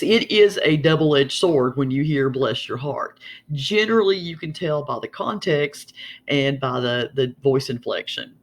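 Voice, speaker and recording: A man's voice: medium pitch, fairly bright tone. A man from Southern Appalachia with a twangy Southern Appalachian accent, chatting casually as he explains regional sayings. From Southern Appalachia, USA. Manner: chatty, folksy, drawn-out twang.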